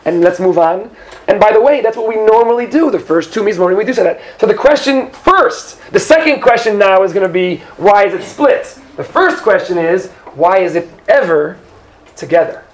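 High-voiced man teaching a lively class. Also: normal speed. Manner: animated storytelling with joking asides. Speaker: Torah teacher. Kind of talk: classroom lesson.

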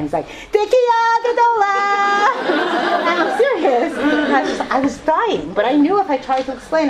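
A woman's voice: mid-range voice, heavy background noise. A mother telling personal stories to a live audience, laughing often and acting out the people she quotes. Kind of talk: personal storytelling talk.

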